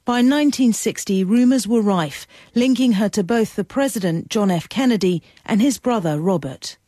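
Woman narrator, scripted documentary read, measured, mellow dark tone, dry close sound. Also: mid-range voice, no echo.

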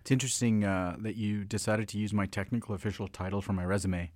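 A man's voice: on the low side, steady tone, fast talker, a little mellow, dry recording. A man co-hosting a podcast in casual chat, playful and teasing, often stumbling over his words. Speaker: podcast co-host.

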